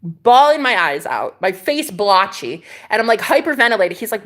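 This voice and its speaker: A woman vlogger with a medium-pitched, expressive, slightly bright voice talks at normal speed in a casual livestream chat. Speaking to her live viewers, she tells stories dramatically and swears freely.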